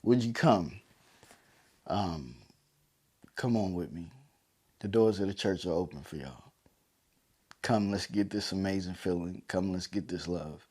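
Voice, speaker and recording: A man's voice: low voice, a little slow, pauses often, a little mellow, husky. A man hosting a solo podcast, teary and emotional, building his points through preacher-like repetition. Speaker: podcast host. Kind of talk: heartfelt solo podcast monologue.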